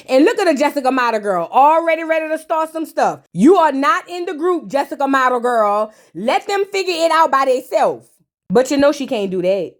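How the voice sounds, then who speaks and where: A woman's voice: sits high, very animated, normal speed. A woman recapping a reality TV episode in casual, sassy commentary, slangy and talking back to the people on screen.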